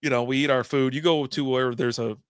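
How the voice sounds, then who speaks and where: A man's voice: mid-range voice, steady tone, a little fast, smooth, dry recording, studio quality. An American man co-hosting a podcast in casual chat, rambling and laughing between stories. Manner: rambling, laughs often, full of fillers. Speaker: podcast co-host.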